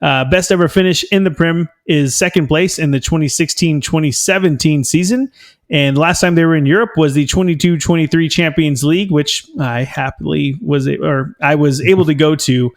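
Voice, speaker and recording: A man's voice: a little high, moderate pace. A man co-hosting a casual soccer podcast, talking in a rambling, enthusiastic way with lots of ums and uhs. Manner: rambling, filler-heavy, enthusiastic fan talk. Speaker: podcast co-host. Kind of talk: casual chat.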